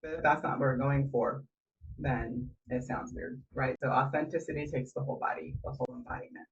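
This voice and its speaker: A woman's voice: very deep voice, steady tone, fairly quick. A woman voice coach chatting on a podcast, slipping into little vocal demonstrations to make her points. Her voice sits a little back from the mic. The sound is muffled and dull. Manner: demonstrative, shifts voice to illustrate points. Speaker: voice coach co-host. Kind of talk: casual podcast chat. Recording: muffled audio, a bit far from the mic.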